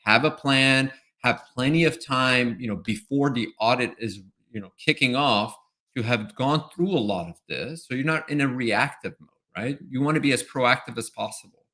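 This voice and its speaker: Speaking as an expert guest in a webinar interview, this man walks through his explanation step by step. His voice is medium-pitched, bright and forceful, at a moderate pace, and he keeps checking in by tagging his points with "right?".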